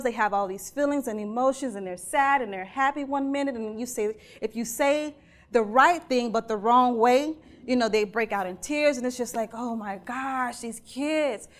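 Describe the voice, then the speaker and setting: A woman giving a conversational keynote talk, earnest and animated, putting questions to her audience. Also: fairly high pitch. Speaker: keynote speaker.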